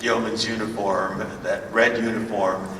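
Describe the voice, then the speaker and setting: Older man, convention panel guest, slow and halting with bright tone; distant, reverberant hall with faint murmur. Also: fairly low pitch, flat delivery, slight background noise. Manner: halting, many fillers and restarts. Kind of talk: anecdotal storytelling. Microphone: far from the recording camera. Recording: echoey hall from far off.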